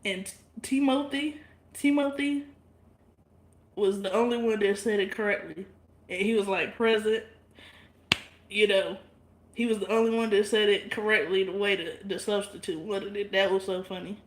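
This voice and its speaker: A woman's voice: medium pitch, fairly even intonation, fairly quick, roomy sound. A woman chatting casually and bluntly with her livestream viewers, swearing freely and laughing often. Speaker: livestream vlogger.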